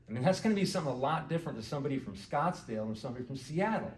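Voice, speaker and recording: A garden club speaker and author gives a casual lecture to an audience in an indoor meeting hall, talking conversationally, quizzing listeners, and saying "you know" a lot. His fairly high voice has lively intonation and a very fast pace, recorded from far off in an echoey hall.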